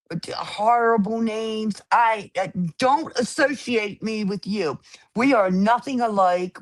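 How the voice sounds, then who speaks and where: A woman's voice: medium pitch, fairly bright tone. A woman speaking indignantly on a livestream, accusing someone and repeating her points emphatically. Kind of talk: heated argument on a livestream.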